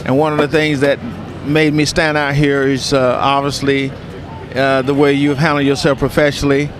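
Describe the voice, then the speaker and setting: A man from Eastern North Carolina, a pitmaster speaking in a courtly, flattering way outdoors at a food festival. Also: medium pitch, normal speed. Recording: noisy outdoor festival sound.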